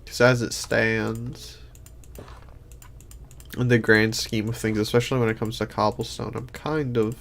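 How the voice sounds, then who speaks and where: A man's voice: lowish voice, flat delivery, measured pace, gravelly, pauses often, fairly bright tone. A sleepy man streaming a game in casual commentary, rambling and thinking aloud with many restarts. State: sleepy, yawning.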